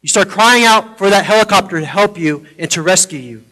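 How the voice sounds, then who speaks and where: A man with a high voice preaching a sermon. He is earnest, and his teaching slips into hushed, tender storytelling. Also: animated, a little fast, poor audio. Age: adult, parent of a foster daughter. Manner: earnest, drops softly into personal stories. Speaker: pastor.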